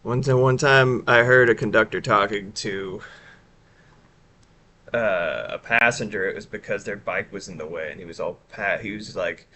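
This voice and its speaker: A man's voice: fairly low pitch, moderate pace, bright, forceful tone. A man streaming live, chatting casually and rambling with chat while showing his art. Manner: rambling, chatty, self-interrupting.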